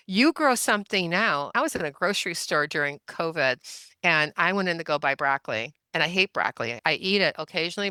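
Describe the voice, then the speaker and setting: A woman's voice: sits low, bright, forceful tone, clear, resonant tone, no room sound. A woman in her seventies, a podcast guest telling stories in a chatty, anecdotal way and laughing often. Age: 70s. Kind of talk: casual storytelling interview.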